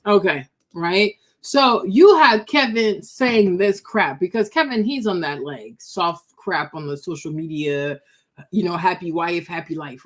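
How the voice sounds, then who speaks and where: A woman's voice: high voice, fairly bright tone. A woman giving blunt, chatty commentary as she reacts to video clips. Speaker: commentary streamer.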